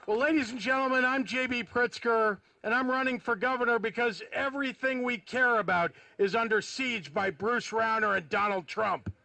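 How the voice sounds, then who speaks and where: A man's voice: very high voice, moderate pace, gravelly, few pauses, bright, forceful tone, slight background noise, rough recording. A man running for governor who gives a campaign rally speech outdoors, using punchy rhyming slogans and rousing questions to the crowd. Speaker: candidate for governor. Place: outdoor rally on capitol grounds.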